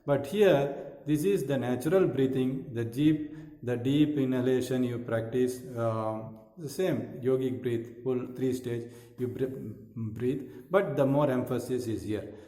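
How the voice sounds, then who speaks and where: In a room with long reverb, a male yoga teacher with a mellow, mid-range voice gives an unhurried instructional talk on breathing. He guides the class by repeating phrases and pausing with fillers.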